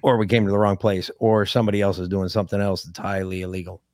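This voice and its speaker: A man's voice: deep voice, level tone, fast, a little mellow, no echo, studio quality. A man co-hosting a podcast, chatting casually and laying out a laid-back guess. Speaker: podcast co-host.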